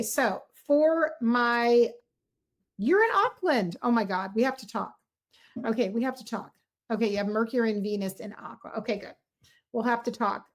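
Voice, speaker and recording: A middle-aged woman hosts a casual tarot livestream, her voice sitting a touch high. She talks to her viewers directly, warm and effusive, piling on encouragement as she reads the cards. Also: creaky.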